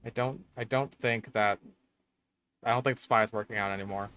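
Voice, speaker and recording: A man's voice: fairly low pitch, fairly even intonation, a little fast, a bit bright. A young man giving casual gameplay commentary while he plays, swinging between mutters and frustrated, swearing outbursts. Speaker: gaming streamer.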